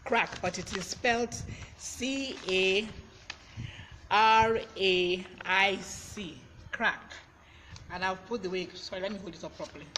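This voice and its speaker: A man hosts a live-streamed word lesson, his voice pitched high and bright. He is chatty and breaks off to greet viewers by name. A faint fan hums behind him. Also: slow, a little hiss or hum. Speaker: vocabulary teacher on a live stream. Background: fan blowing.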